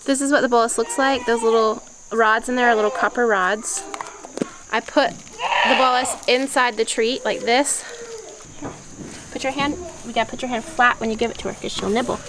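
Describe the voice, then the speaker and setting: A woman's voice: fairly high pitch, steady tone, normal speed, background noise. Woman explaining goat care outdoors. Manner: practical, explains step by step. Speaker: homesteading vlogger. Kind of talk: casual how-to explanation. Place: outdoors on a farm with goats.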